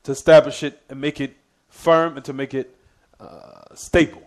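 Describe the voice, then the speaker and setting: A man's voice: fairly high pitch, little pitch movement, a little mellow. A man giving a religious lesson, quizzing his class with "what?" prompts and repeating key points. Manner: reads Arabic quotations quickly. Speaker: Islamic teacher.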